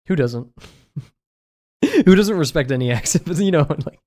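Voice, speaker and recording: A man's voice: a little high, expressive, moderate pace, darkish tone. A young man chatting casually while he draws on a livestream, rambling and giggling with lots of filler words. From United States. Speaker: streamer.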